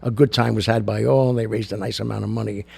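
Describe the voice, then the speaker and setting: A man's voice: lowish voice, flat delivery, fast talker, mellow. An older man hosting a show, telling jokes and giving blunt opinions in a chatty, casual monologue. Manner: gravelly, blunt and chatty, with many fillers. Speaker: show host.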